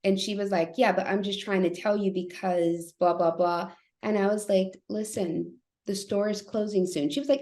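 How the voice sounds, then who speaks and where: A woman in her thirties, a therapist and guest, telling a story in an animated way, acting out what others said. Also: medium pitch, normal speed, few pauses. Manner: animated, acts out quoted voices. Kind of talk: storytelling in a podcast interview. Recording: echoey room.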